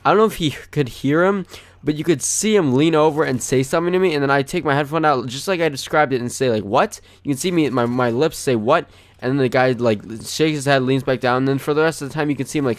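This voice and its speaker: A man's voice: mid-range voice, fast talker, dry recording. A young man, a gaming channel host, telling a story in a rambling, chatty way over gameplay, full of "like".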